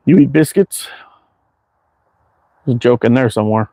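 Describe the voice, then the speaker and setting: A man with a medium-pitched, warm voice speaks unhurriedly, with vocal fry and frequent pauses, on a dry recording. He's hosting a casual backyard livestream while target shooting, reading viewer chat in a rambling, easygoing way packed with fillers. He sounds tired and worn out.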